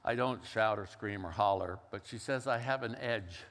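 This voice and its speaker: Older preacher in a reverberant hall. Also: male voice, on the low side, moderate pace, fairly bright tone. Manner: storytelling, conversational with acted-out quotes. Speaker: pastor. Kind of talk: sermon.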